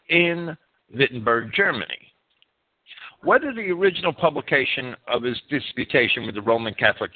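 A man narrating a history lesson as presenter of a series, reading with swooping emphasis and occasional self-corrections. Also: medium pitch. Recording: tinny phone-like band.

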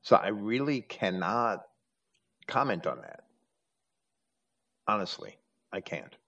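A man's voice: on the low side, sing-song, slow, gravelly, fairly bright tone. A man explaining at length in conversation, often restarting and repeating words as he goes. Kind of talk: lecturing in conversation. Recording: muffled lo-fi audio.

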